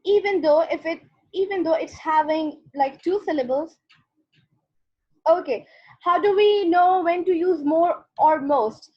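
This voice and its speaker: A woman's voice: very high-pitched, unhurried, highs cut off. A woman teacher giving an online grammar lesson, explaining patiently step by step and checking in with "okay".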